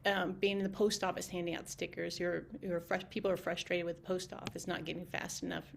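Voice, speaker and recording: A woman talking casually on a video call, telling animated stories full of quoted back-and-forth. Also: lowish voice, a little fast, creaky, a little hiss or hum. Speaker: community team member and guest.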